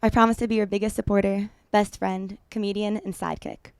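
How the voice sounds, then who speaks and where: Young American bride reading her vows, gravelly and teary, close dry mic. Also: mid-range voice, flat delivery, fairly quick, a little mellow, no room sound. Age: young adult. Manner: tender, emotional reading.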